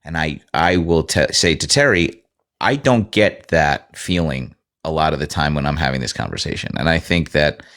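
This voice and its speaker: A man hosting a live stream discussion, speaking haltingly and searching for his words. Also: extremely low pitch, animated, a bit bright.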